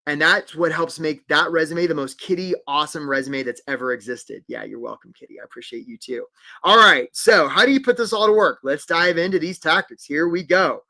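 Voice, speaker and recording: A man's voice: on the high side, lively intonation, brisk, sharp tone. A man coaching job seekers in a live webinar, upbeat and encouraging, calling out viewers by name.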